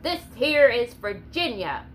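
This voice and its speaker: Woman voicing a growling rough frontiersman. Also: on the high side, sing-song, slow, fairly bright tone, slight background noise, full character voice. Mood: threatening. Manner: barking, growling. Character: rough buckskin frontiersman, defiant and brawling.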